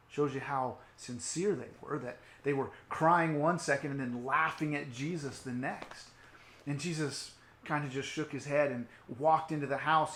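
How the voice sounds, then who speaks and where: A man preaching an online sermon, telling a story expressively, sinking into hushed tones and rising again, with casual asides. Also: on the high side, roomy sound, a little hiss or hum. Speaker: youth pastor.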